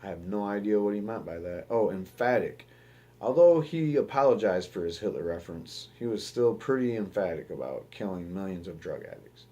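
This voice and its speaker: Man from the United States, lowish voice, casual news commentary, cursing, rambling with restarts. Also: expressive, normal speed, mellow. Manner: profane, rambling, with restarts and fillers. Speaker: show host.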